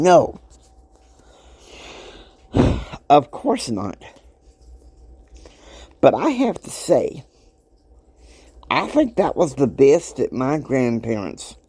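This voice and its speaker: A man in his fifties delivers a motivational podcast monologue with a lively, swooping pitch. He talks emphatically and preachily, dropping into quiet asides, then bursting out loud. The sound is dry and close, with no room in it. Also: takes it slowly, long pauses, slightly rough, dry recording. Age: 50s. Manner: emphatic, preachy, swings between soft asides and loud outbursts. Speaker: podcast host.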